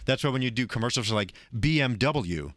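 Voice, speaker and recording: A man from Long Island with a softened New York accent, co-hosting a casual podcast chat and drawing out his words like a former radio DJ. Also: medium pitch, expressive, no room sound, clean studio sound. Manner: playful, drawn-out radio announcer delivery.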